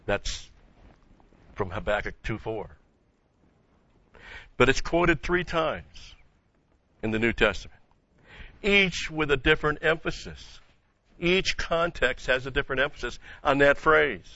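A man teaching the Bible sermon-style, halting with many fillers and asking rhetorical questions. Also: medium pitch, animated, bright, forceful tone, no echo. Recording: dull lo-fi recording.

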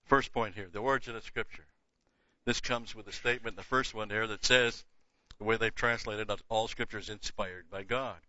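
A man's voice: on the low side, fairly even intonation, normal speed, pushed and bright, no room sound. An older man giving a Bible teaching lecture, emphatic, repeating key words and dropping casual asides. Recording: dull lo-fi dry recording.

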